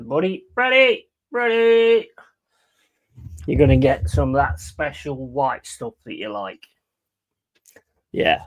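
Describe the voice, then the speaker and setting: A man's voice: medium pitch, darkish tone, no room sound. A man hosting a livestream, rambling and joking with his chat in a casual, banter-filled way and swearing now and then. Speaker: livestream host.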